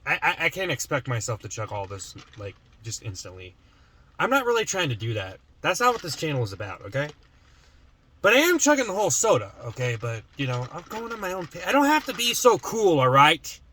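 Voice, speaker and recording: A man's voice: on the high side, wildly swooping pitch, brisk, bright, forceful tone, a little hiss or hum. A man vlogging in casual chat to the camera, rambling with lots of fillers and restarts.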